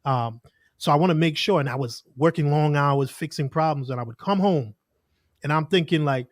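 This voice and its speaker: A man's voice: fairly high pitch, moderate pace, dry recording, studio quality. A man, a podcast guest telling stories in earnest, casual conversation. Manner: earnest storytelling with lots of "like" and quoted asides.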